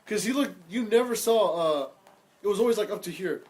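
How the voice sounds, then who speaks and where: Young male co-host with a high voice, crude banter, laughing as he tells stories. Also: expressive, a little fast, a little mellow, slight background noise. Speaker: podcast co-host. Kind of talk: casual chat.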